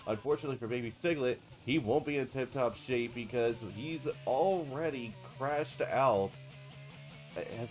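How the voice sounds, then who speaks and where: A man with a stuffy, congested voice giving live commentary on a racing game and calmly explaining car setup. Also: mid-range voice. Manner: explanatory, steady analysis. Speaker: esports commentator.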